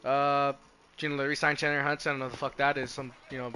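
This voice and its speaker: A man's voice: medium pitch, little pitch movement, fast, sharp tone, soft background music. A young man live streaming, chatting casually and rambling with lots of swearing and restarts. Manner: profane, rambling, self-interrupting. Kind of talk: casual live-stream chat about football.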